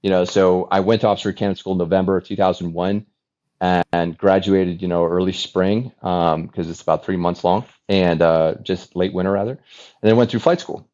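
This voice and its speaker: A man in his forties, a former fighter pilot, telling his story as a podcast guest in an animated, chatty way with many restarts. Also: sits low, normal speed, muffled recording. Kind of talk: casual storytelling interview.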